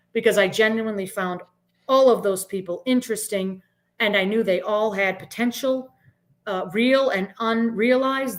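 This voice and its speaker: A middle-aged woman speaks in an earnest, emphatic way as a podcast guest. She often ends her points with "right?". Her voice sits at an ordinary middle pitch. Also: a bit bright. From Boston area, US. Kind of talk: reflective interview talk.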